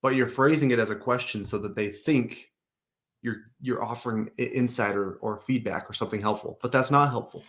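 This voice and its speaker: A man's voice: medium pitch, brisk, fairly bright tone. A man hosting a show, coaching managers on a recorded service call in a direct, advisory way. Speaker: customer service coach, host.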